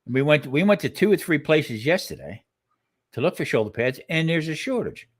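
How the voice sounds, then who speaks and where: Animated, rambling older man co-host. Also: on the high side, fairly quick. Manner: rambling, restarts sentences, exclaims. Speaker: cooking show co-host. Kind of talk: casual live-stream chat.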